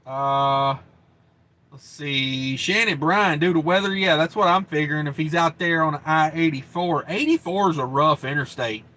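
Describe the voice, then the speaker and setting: Man, thirties, trucking live-stream host, laid-back drawl, bright voice, slightly high pitch. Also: moderate pace. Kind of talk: casual live-stream chat.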